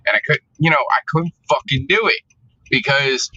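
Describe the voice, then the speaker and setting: A man's voice: a little high, normal speed, pushed and bright, husky. A man vlogging in a casual, profane, exasperated rant straight to camera. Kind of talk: casual ranting monologue. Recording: dull lo-fi audio.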